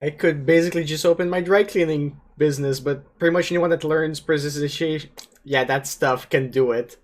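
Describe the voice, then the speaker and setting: A woman's voice: sits low, steady tone, fairly quick. A woman playing a tabletop game with friends, joking and giggling. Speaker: player. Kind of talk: casual chat in a tabletop game.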